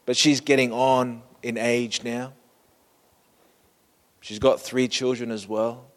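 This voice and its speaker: A male preacher tells a sermon story at an unhurried pace, inviting listeners to imagine it with him. His voice sits at a middle pitch in a church hall with a long reverb. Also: flat delivery.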